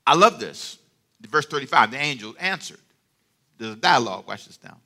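Animated, bright-voiced male preacher. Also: medium pitch, normal speed. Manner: animated call-and-response, with playful asides. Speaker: pastor. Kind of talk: sermon.

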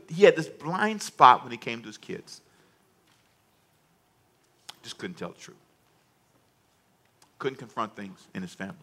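A man's voice: high-pitched, sharp tone. A male pastor preaching a sermon, emphatic and humorous, in a storytelling manner.

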